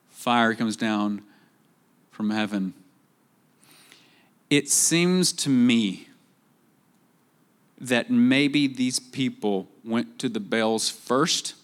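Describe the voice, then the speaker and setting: Guy preaching, lively, does little voices for quotes then goes quiet and slow for the big points. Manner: animated, acts out quoted voices with rising pitch; drops to quiet, slow emphasis on key points. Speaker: pastor. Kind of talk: sermon.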